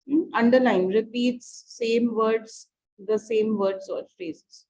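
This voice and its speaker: A woman with an Indian English accent teaching an online English class, repeating each phrase slowly for students to underline. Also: a little high, darkish tone, slightly rough. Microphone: computer or headset mic on a video call. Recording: dull lo-fi online call audio.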